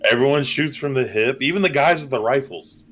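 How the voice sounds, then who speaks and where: A man's voice: mid-range voice, brisk, fairly bright tone. A man co-hosting a movie podcast, talking casually and acting out scenes in sudden raised voices. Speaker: podcast co-host.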